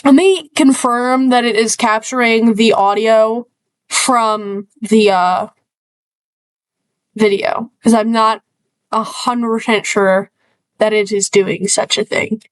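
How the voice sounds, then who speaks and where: A woman's voice: fairly high pitch, fairly even intonation, slow pace, low-quality recording. A woman from the northern United States, streaming casual reaction commentary, rambling and self-deprecating with lots of fillers and trailing asides.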